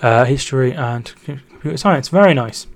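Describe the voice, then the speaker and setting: A man's voice: mid-range voice, brisk, a little hiss or hum. A young man hosting a casual football live stream, reading chat messages, thanking viewers and calling out match updates. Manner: reads chat aloud, thanks viewers, trails off and restarts; excited shouting at goals.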